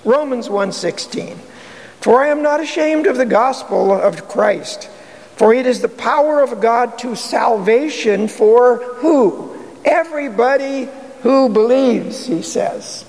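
A man's voice: very high-pitched, lively intonation, unhurried, creaky, a little mellow. A man preaching an earnest sermon as pastor, pressing rhetorical questions with emphasis, recorded in a church sanctuary. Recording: long hall reverb.

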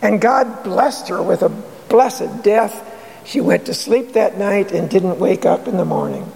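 A man's voice: sits high, a little slow, gravelly, a little mellow. A man preaching an earnest sermon as pastor, pressing rhetorical questions with emphasis, recorded in a church sanctuary. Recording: long hall reverb.

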